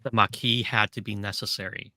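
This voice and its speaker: A man's voice: fairly low pitch, steady tone, a little fast, gravelly, sharp tone, no echo. A man co-hosting a podcast in casual chat, passionate and given to ranting. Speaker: podcast co-host.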